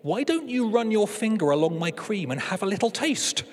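A man's voice: sits high, sing-song, moderate pace, in a large hall, pitched above the performer's own voice. A man voicing a sly, tempting talking chocolate cake that coaxes in a chatty, persuasive way. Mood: coaxing.

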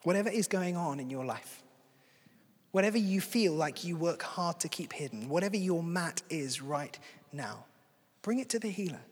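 A man's voice: on the high side, expressive, normal speed. A man preaching a sermon in a conversational, earnest way. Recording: long hall reverb.

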